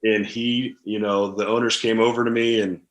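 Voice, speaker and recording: A lowish-voiced man in his thirties spins candid stories in a casual interview, full of fillers and asides. His voice rings in a roomy, echoey space. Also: moderate pace. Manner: animated, candid storytelling with fillers. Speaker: podcast guest, former NFL tight end.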